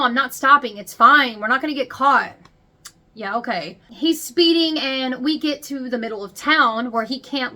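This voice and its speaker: Woman on her channel doing a storytime, candid and chatty, kinda high voice, leans hard on words. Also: bright, forceful tone. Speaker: vlogger. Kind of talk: confessional storytime.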